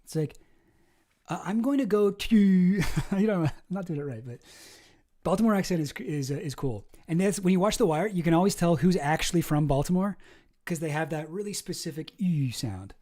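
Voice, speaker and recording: A man's voice: fairly high pitch, expressive, fairly quick, a little mellow. A young Canadian man with a Canadian accent, chatting casually on a live stream and answering his chat, rambling with lots of fillers and restarts.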